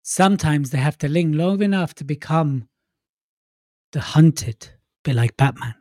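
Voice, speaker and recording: A man's voice: a little high, dry recording, clean studio sound. A man co-hosting a casual podcast, chatty and jokey, poking fun at himself. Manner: jokey, chatty, self-mocking. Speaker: podcast co-host.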